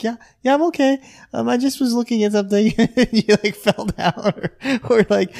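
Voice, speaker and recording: A man's voice: sits high, vocal fry, a little mellow. A man co-hosting a podcast who teases his co-host and laughs along while asking follow-up questions. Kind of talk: casual chat.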